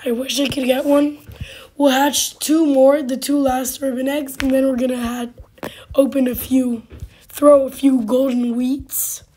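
A woman with a hoarse voice hosting casual gameplay commentary, halting and full of fillers, now and then dropping to a whisper. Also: sits high, little pitch movement, mellow. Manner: halting, with many fillers and sudden drops to a whisper. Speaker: gaming channel host.

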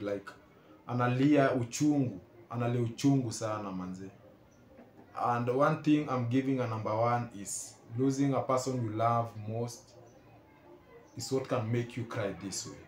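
A man's voice: mid-range voice, fairly bright tone, roomy sound. A man with a Kenyan accent giving emotional reaction commentary, earnestly repeating his pleas. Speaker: reaction video host.

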